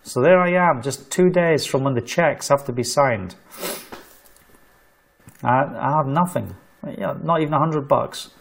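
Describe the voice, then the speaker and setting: A middle-aged preacher from the United Kingdom speaks unhurriedly with a gravelly, medium-pitched voice and long pauses. His sermon is an animated story in which he acts out the people's voices.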